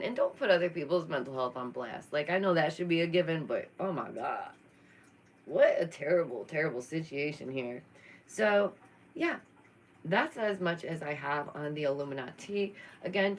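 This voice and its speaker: Woman, low voice, casual stream commentary, sassy, expressive, faint background noise. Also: rough recording. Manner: expressive, sassy, laughs often. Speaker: YouTube commentary host.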